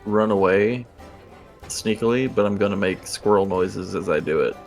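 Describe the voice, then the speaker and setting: A male player with a fairly low voice talks through his character's moves. He sounds offhand and playful, tossing out ideas mid-game. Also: normal speed, creaky, a little mellow, faint music behind. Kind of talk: casual tabletop play.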